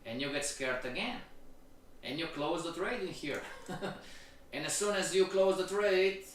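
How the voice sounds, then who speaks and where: Slow, echoey male trading lecturer. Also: on the high side, lively intonation, a bit bright, a little hiss or hum. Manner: keeps checking in with the audience; slow, repetitive delivery. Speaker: trading instructor. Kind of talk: live-stream lecture. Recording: very echoey room, voice from far off.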